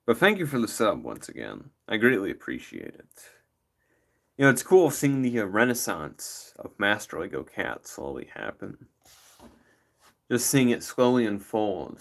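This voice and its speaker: A man's voice: fairly low pitch, huge pitch swings, a little slow, vocal fry, a bit bright. A man hosting a livestream, chatting casually with rambling jokes. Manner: rambling, joking, playful. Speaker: livestream host.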